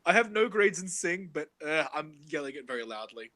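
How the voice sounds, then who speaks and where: A man's voice: fairly high pitch, big pitch swings, a little fast, bright, forceful tone. A man playing a tabletop role-playing game, rambling and laughing as he describes his character's clumsy actions. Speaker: player. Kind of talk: casual tabletop role-play.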